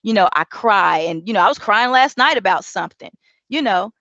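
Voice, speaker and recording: A woman giving a motivational talk, animated, acting out inner dialogue and drawing out key words slowly for emphasis. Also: mid-range voice, no room sound, muffled recording. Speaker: motivational speaker.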